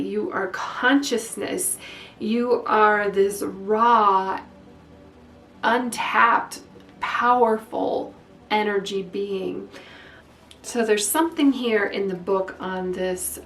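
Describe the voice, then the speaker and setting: A woman doing a spiritual tarot reading, talking in a rambling, halting way with many fillers. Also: medium pitch, fairly bright tone, far from the mic, a little hiss or hum. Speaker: tarot reader. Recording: echoey room, away from mic.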